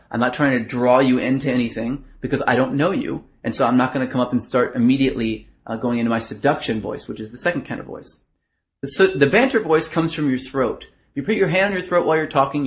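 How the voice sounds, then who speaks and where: Male dating coach, mid-pitched, earnest, explanatory, drops into a quiet resonant chest voice. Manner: shifts between a bright throat voice and a low, soft chest voice; earnest, explanatory, with filler words. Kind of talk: instructional video monologue.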